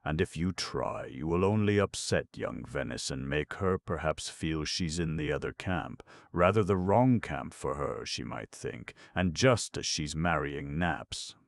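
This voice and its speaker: A blunt, kindly gentleman, gruff and plain-spoken, chiding his friends, as a male narrator reads him. The voice is very deep and gravelly, recorded dry and close. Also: animated, measured pace, few pauses, no room sound, full character voice. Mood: murmuring.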